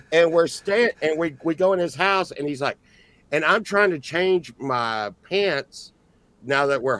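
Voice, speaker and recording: A middle-aged man telling a story on a podcast, rambling and halting, with frequent laughs. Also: mid-range voice, a bit bright, no room sound. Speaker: podcast co-host. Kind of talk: casual storytelling chat.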